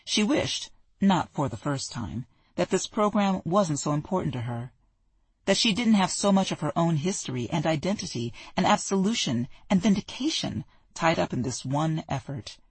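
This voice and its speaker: An audiobook narrator tells a romance story in an even, storytelling manner. The voice is soft and husky at a middle pitch. The recording is dry and close. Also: moderate pace, no echo. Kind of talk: scripted narration.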